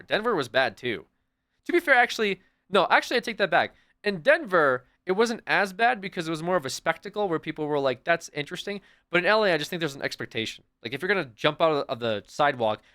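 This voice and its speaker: A man in the middle of a long livestream chats loosely with his viewers, swearing freely and piling up "like"s. His voice sits a bit higher than most men's, and his delivery is animated and rambling. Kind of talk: casual chat with viewers.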